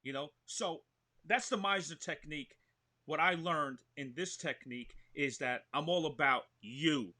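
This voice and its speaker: A man, an actor talking excitedly in a remote interview, full of "you know what I mean". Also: fairly high pitch, measured pace. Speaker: actor and show host, guest. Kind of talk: animated conversational interview.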